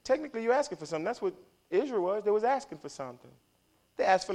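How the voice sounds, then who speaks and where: A man preaching a passionate sermon, swinging from low murmurs to loud emphatic declarations. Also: sing-song, racing.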